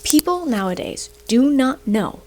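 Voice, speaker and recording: Young woman, sarcastic rambling rant, a bit breathless, fairly high voice. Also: unhurried, slight background noise. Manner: animated, sarcastic, rambling with fillers. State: short of breath. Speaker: video host. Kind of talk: casual rant to camera.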